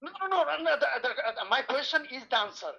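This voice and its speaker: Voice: sits high, lively intonation, quick pace, vocal fry, lo-fi sound, a loud crowd. A caller in a live debate who keeps turning the question back. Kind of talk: debate call-in.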